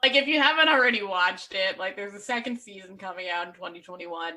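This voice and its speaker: A woman's voice: medium pitch, quick pace. A woman from Canada co-hosting a podcast, chatting animatedly and playfully. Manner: animated, laughs easily, playful. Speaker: podcast co-host. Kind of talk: casual chat.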